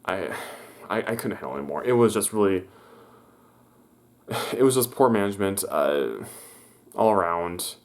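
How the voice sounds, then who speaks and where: A man's voice: deep voice, expressive, normal speed, pauses often. A young man telling a story in a casual vlog, rambling with many restarts and stammers, and acting out the people he quotes in a raised voice. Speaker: vlogger.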